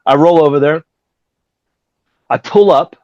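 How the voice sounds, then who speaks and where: A man's voice: measured pace, dry recording. A man in his fifties, a guest musician telling a story in a casual interview, acting out what others said and swearing often. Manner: animated, acts out quotes with big pitch jumps, swears often. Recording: dry, dull lo-fi audio.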